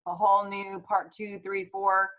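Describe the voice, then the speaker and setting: A woman's voice: medium pitch, measured pace, low-quality recording. Chatty woman host telling stories. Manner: chatty, animated storytelling. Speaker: host, naturopathic doctor. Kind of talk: casual conversation.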